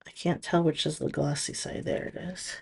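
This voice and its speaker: A woman's voice: sits low, steady tone, normal speed, creaky, a little mellow, husky. A woman casually demonstrating nail strips, chatty and thinking aloud as she works. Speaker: nail product stylist. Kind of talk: casual product demo.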